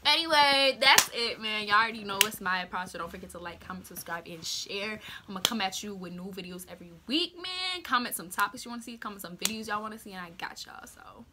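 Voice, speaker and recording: A woman's voice: medium pitch, lively intonation, quick pace, hardly any pauses, background noise. A teenage girl vlogger telling a story in casual slang, acting out what people said.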